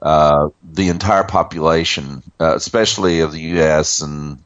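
A man's voice: very deep voice, steady tone, moderate pace, fairly bright tone, dry recording, highs cut off. A man in his sixties co-hosting a podcast, chatting casually, with fillers and easy laughs. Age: 60s. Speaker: podcast co-host. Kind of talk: casual chat.

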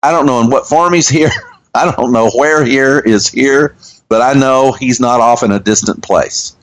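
A man, hosting a radio show and telling a story in an earnest, halting way with restarts. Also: medium pitch, a little hiss or hum, low-quality recording. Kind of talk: conversational storytelling.

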